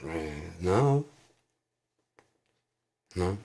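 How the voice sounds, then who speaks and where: Speaking extremely slowly in a deep, animated voice, an American man of about fifty rants as a show host. His casual talk wanders, is packed with swearing, and gets broken up by loud fits of laughter.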